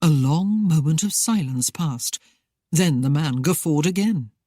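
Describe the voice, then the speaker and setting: An audiobook narrator reading a historical romance in a steady, even way. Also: mid-range voice, unhurried, dry recording, clean studio sound.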